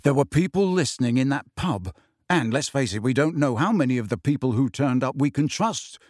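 A man reading aloud and voicing an excitable, indignant teenage schoolboy wizard who blurts things out. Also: medium pitch, fairly quick, no echo, studio quality, natural voice. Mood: suspicious. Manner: blurting and aggrieved.

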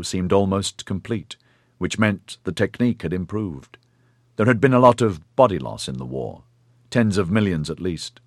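A man reading a science-fiction audiobook as narrator in a steady, even storytelling delivery. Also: deep voice, no room sound, studio quality. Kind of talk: scripted narration.

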